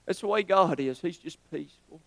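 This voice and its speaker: A man's voice: on the high side, a little fast, a bit bright, no echo. A man preaching a sermon in a folksy, earnest way, rising to emphatic swells.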